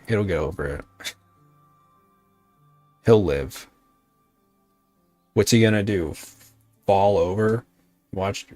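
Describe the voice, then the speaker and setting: A man's voice: on the low side, darkish tone, no room sound. A man streaming a modded game, grumbling at it and talking back to his chat, swearing now and then. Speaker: VTuber streamer. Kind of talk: casual gaming livestream chat.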